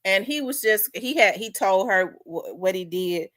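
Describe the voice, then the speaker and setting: A woman's voice: medium pitch, expressive, unhurried, fairly bright tone, dry recording. A woman host telling a story in casual chat, talking in winding asides and repeating herself.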